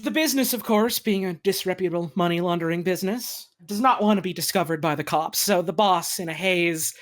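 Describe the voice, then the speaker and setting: A woman improvising a comedic story as a player, bursting into shouted character voices. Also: on the low side, a little fast.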